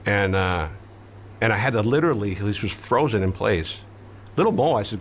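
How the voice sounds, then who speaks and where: A man with a very deep, low voice tells his story in an interview. He is blunt and matter-of-fact, swears casually and pads his sentences with fillers. A faint hum of noise sits behind him. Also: very animated, brisk. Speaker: interview guest recounting his past. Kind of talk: conversational storytelling.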